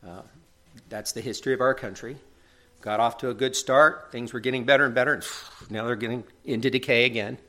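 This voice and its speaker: A man's voice: medium pitch, fairly even intonation, brisk, sharp tone. A middle-aged man preaching a sermon in an earnest, conversational way, often checking in with tag questions.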